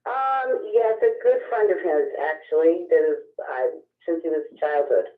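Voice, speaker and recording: A woman's voice: low voice, a little slow. A woman caller answering a psychic's questions, hesitant, with many ums. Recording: tinny phone line.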